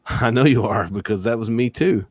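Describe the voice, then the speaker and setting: A man, a sales and negotiation expert talking in an animated podcast interview, acting out quoted voices and laughing often. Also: lowish voice, moderate pace, no echo, studio quality.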